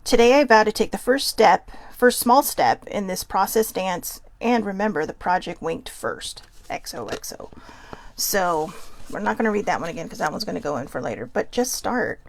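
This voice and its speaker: This casual solo talk features a female host with a Californian accent who muses quickly over oracle cards, breaking off mid-thought and owning up to feeling nervous. Her mid-range voice is creaky, with lively intonation.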